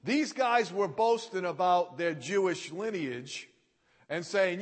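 A man's voice: high voice, lively intonation, unhurried. A male preacher giving a sermon in a folksy way, repeating key phrases for emphasis, heard with a long hall reverb.

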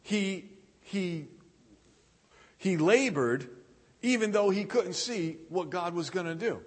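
A man preaching a sermon, earnest and repetitive, pausing and restarting as he builds his points. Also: high voice, animated, long reverb tail. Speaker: pastor.

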